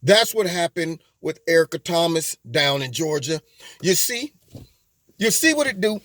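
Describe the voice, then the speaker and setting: A man's voice: on the high side, lively intonation, unhurried, fairly bright tone. A man hosting a political commentary monologue, mocking and emphatic, with rambling asides. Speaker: host of a political commentary channel.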